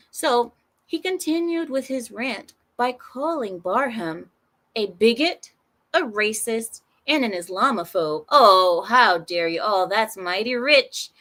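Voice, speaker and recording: Lady ranting slowly about the news, sarcastic, lots of restarts, kinda high voice. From Arab heritage. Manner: sarcastic, animated, rambling with many restarts. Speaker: commentary channel host. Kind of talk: casual news commentary.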